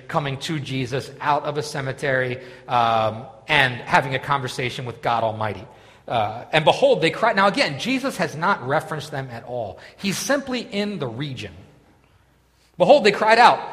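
A male pastor preaching a sermon, animated and conversational, moving between loud scripture reading and quiet asides. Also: medium pitch, in a large hall.

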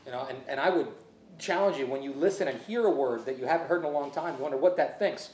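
A man's voice: mid-range voice, quick pace, darkish tone, roomy sound. A man preaching a sermon as a pastor, in a conversational, musing way that often restarts and corrects itself.

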